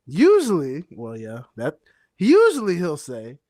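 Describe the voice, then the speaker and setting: Brief: male co-host, slightly high voice, lively swings in pitch, dry close mic. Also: a little slow, dry recording. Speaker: podcast co-host. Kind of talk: casual wrestling chat.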